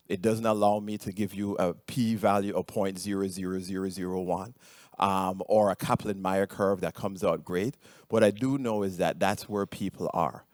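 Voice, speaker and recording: Low-voiced Jamaican-accented man presenting. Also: dry recording, studio quality. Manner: hesitant, many ums and restarts. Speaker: conference speaker. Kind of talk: conference presentation.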